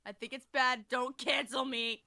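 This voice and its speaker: A woman's voice: sits high, fairly even intonation, moderate pace, crowd noise. Rambling, swearing podcast woman. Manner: rambling, laughing and swearing often; reading aloud from an old notebook. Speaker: podcast co-host. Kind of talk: casual chat.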